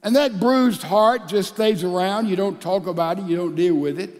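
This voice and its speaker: A man's voice: high voice, normal speed. An older man preaching a sermon as pastor, emphatic, acting out couples' quarrels in little spoken scenes. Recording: long hall reverb.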